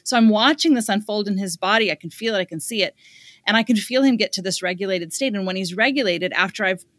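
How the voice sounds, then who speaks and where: A middle-aged American woman appears as a parenting expert in an interview, talking fast at a medium pitch with no echo. She tells stories conversationally and with animation, acting out lines for both parent and child.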